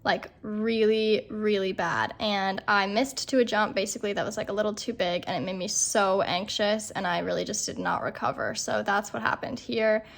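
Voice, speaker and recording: A woman's voice: mid-range voice, fairly even intonation, normal speed, creaky, hardly any pauses. A young woman vlogger and rider, talking in a chatty, self-deprecating way with lots of "like". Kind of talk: casual vlog voiceover and on-camera chat.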